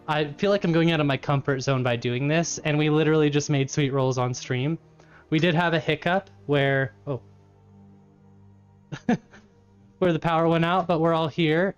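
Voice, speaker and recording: A man's voice: on the high side, smooth, dull audio. A man live-streaming from his home kitchen, chatting casually with his chat, laughing often and eating as he talks.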